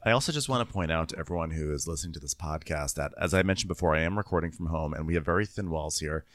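Deep-voiced man in wry recap chat. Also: a bit bright, no room sound, clean studio sound. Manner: wry, chatty, quick to laugh. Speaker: podcast co-host. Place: home room with thin walls.

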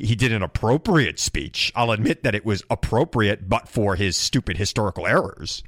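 A man's voice: on the high side, pushed and bright, no room sound, studio quality. A man hosting a political talk show, giving emphatic, sarcastic commentary and repeating his points.

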